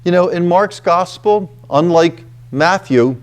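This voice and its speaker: A man delivering a reflective scripture talk in a slightly high voice. He speaks slowly and deliberately. He leans on key words for emphasis and keeps checking in with his listeners. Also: faint music behind. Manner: deliberate, emphatic, with frequent "okay" and "you know". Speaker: retreat house presenter.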